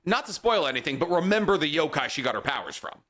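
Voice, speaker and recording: A man's voice: fairly high pitch, very animated, quick pace, fairly bright tone. A man co-hosting a casual podcast, joking and swearing freely as he chats. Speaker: podcast co-host.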